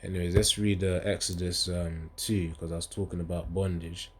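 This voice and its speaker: A man's voice: low-pitched, little pitch movement, normal speed, husky. A man giving a casual, rambling scripture talk. He often stops to search for verses and reads them aloud with rising emphasis. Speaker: bible teacher.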